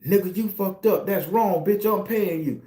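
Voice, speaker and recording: A man's voice: high voice, normal speed, mellow, echoey room, close to an everyday voice. A man acting out a crude, demanding male celebrity client who talks in blunt, profane bursts. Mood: aggrieved.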